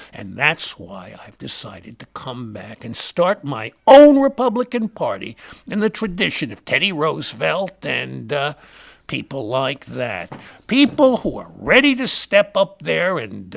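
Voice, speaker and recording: A man playing a gravelly, rambling party insider. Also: medium pitch, big pitch swings, unhurried, heavily acted. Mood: ranting. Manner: rambling, name-dropping, punchline-driven. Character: rambling, boastful male Republican party insider. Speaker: comic character monologue. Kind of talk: satirical stand-up rant.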